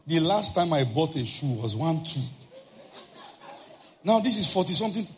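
A man preaching, telling a personal story in an animated way and acting out shouted outbursts. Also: on the high side, moderate pace, pauses often, slight background noise.

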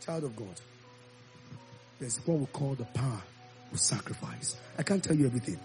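Gravelly preacher telling stories. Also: male voice, mid-range voice, normal speed, soft background music. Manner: animated storytelling, acting out voices. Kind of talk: sermon.

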